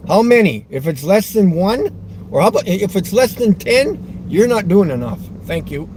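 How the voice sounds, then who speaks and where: High, animated man, teasing car vlogger, loud road noise. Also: moderate pace. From Westchester County, New York. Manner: provocative, teasing, laughs often. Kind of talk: rambling car vlog talk.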